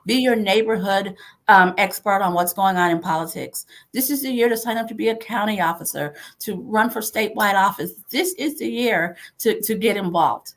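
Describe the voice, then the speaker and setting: A woman speaking over a video call in an emphatic, rallying voice, driving home the same phrases again and again. Her pitch sits in a middle range for a woman, and she talks like a host who is pressing her audience to act. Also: moderate pace, a bit bright. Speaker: party chair hosting a livestream. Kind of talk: rallying political talk.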